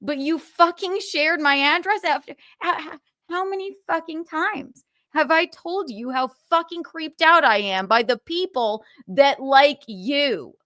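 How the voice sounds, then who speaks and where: A woman's voice: high voice, unhurried, fairly bright tone, dry recording, clean studio sound. A young woman hosting a livestream, ranting with profanity and sarcasm. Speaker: podcast host.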